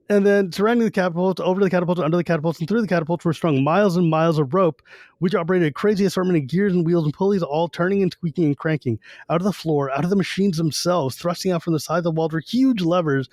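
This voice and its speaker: Podcast co-host, male, slightly high voice, dry close mic, chatty retelling with offhand character asides. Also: darkish tone, no echo. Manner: retells scenes loosely with quick put-on character quotes. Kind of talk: casual book-discussion podcast.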